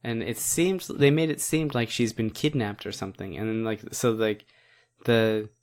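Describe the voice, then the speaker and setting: A man's voice: lowish voice, fairly even intonation, normal speed, a little mellow. Rambling, laughing man. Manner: rambling, filler-heavy, laughing often. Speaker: podcast co-host. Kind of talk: casual chat.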